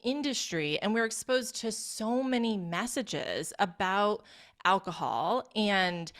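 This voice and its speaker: A woman coach talks in a relaxed, reassuring way, patiently explaining her points. Her voice sits at an ordinary middle pitch. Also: slow pace. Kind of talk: casual conversation.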